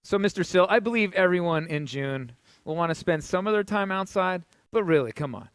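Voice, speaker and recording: A high-voiced man calls an esports match as co-caster, explaining mechanics and getting excited over plays. The recording is dry and close. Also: a little fast, clean tone, dry recording. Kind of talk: esports commentary.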